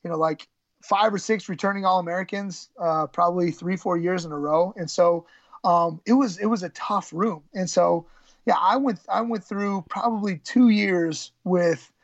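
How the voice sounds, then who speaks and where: A man, a former college wrestler, telling his story as a podcast guest in a halting, candid way, with many restarts. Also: high voice, no room sound, highs cut off.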